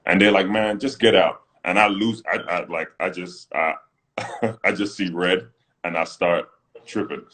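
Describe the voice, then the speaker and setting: In an unhurried way, a deep-voiced former professional basketball player from Britain shares animated stories while co-hosting a casual livestream. He performs the quotes and laughs often; the audio comes from a phone on the live video.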